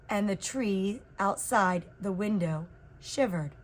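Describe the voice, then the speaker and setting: A woman reading a children's picture book aloud in an expressive, unhurried way. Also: medium pitch. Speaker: reader. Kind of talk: storybook read-aloud.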